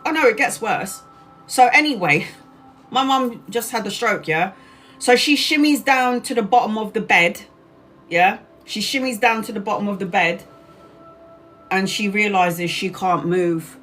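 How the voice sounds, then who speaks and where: A woman's voice: mid-range voice, a little hiss or hum. A woman in her forties, a tarot reader livestreaming, angrily retelling a personal story to her viewers, swearing and acting out what others said. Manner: angry, animated retelling with swearing and acted-out quotes.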